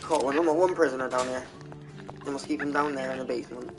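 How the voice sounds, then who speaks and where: A man's voice: medium pitch, fairly even intonation, quick pace, creaky, music in the background, poor audio. A man streaming a game, telling stories in a casual, chatty way. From England. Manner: chatty storytelling, laughing. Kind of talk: casual chat over gameplay.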